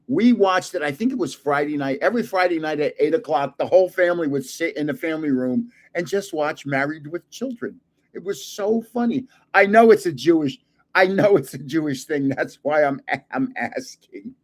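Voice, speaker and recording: Talking at a moderate pace in a fairly high voice, an older card collector host opens cards on video and chats casually. He drifts into rambling, funny stories that crack him up.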